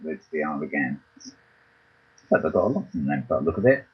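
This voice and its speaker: A man's voice: a bass voice, big pitch swings, fast talker, breathy edge, dull audio. A man hosting a talk show, reading a news roundup and hesitating often with ums and restarts, over a voice call from his computer. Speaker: podcast host.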